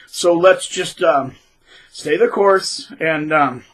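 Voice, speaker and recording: A man talks to his audience in a loose, rambling monologue, restarting his sentences and punching words with sudden loud emphasis. His voice sits a little high, with a bright, edgy tone and a husky grain. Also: takes it slowly, rough recording. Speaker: channel host. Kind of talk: casual advice monologue.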